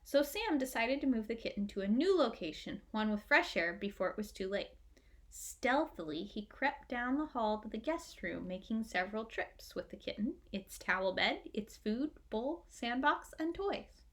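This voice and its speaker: A woman reads a children's chapter book aloud. Her narration is gentle and expressive, in a slightly high voice. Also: moderate pace. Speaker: audiobook reader. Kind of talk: storybook narration.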